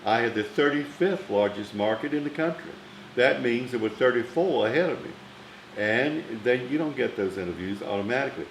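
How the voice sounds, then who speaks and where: A man's voice: medium pitch, expressive, brisk, echoey room, a little hiss or hum, low-quality recording. An older man with a Southern accent, a former newspaper critic telling theatrical anecdotes in a chatty way. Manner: chatty, theatrical, name-dropping raconteur. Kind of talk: anecdotal storytelling.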